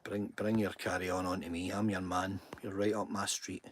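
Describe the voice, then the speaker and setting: A low-voiced Scottish livestream host keeps things casual and chatty, sincere but quick to mock himself. There's little pitch movement and a moderate pace, with slight noise in the background.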